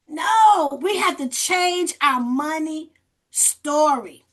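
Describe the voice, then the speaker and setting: A woman with a very high voice leads a group session over a video call, exhorting people and repeating her key phrases. Her tone is bright and forceful. She keeps coaxing participants to speak up. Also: expressive, takes it slowly. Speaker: host leading a group session. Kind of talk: motivational coaching on a group call.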